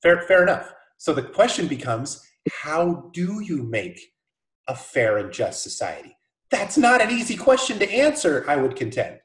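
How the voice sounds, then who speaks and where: A man in a casual debate, speaking in a measured, somewhat formal way. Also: fairly high pitch, very animated, reverberant. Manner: measured, formal phrasing like "I contend".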